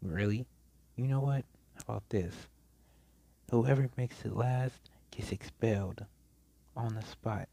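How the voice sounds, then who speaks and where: A man's voice: mid-range voice, unhurried, vocal fry, long pauses, dark tone, no room sound. Aizawa, a blunt stern teacher, voiced by a man. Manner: curt and dismissive. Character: stern, sleepy, blunt adult male teacher.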